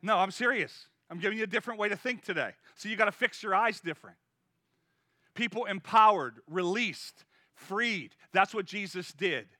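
High-voiced, bright male preacher. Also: normal speed, no room sound, clean studio sound. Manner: energetic, conversational preaching that urges the crowd on. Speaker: pastor. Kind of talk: sermon.

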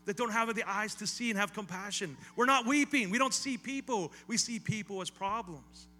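A man's voice: high-pitched, normal speed, sharp tone. A male pastor preaching a sermon in a conversational style, with casual asides and repeated phrases that build to emphatic calls.

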